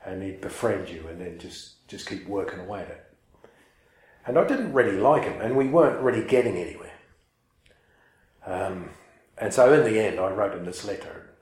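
A man tells a personal story in a loose, rambling way and pokes fun at himself as he goes. His voice sits low. The room around him is echoey. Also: darkish tone. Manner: rambling, self-mocking, many fillers and restarts. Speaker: speaker telling a personal story to listeners. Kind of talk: casual storytelling talk.

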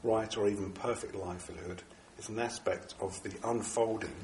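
A very low-voiced man, audibly stuffed up with a cold, gives a dharma talk to a small group. He speaks haltingly, circling back with fillers and restarts. The echoey room has a faint hum of ambience behind him. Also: fairly even intonation, darkish tone. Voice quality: bunged up, nasal. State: congested from a cold. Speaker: Buddhist teacher giving a talk.

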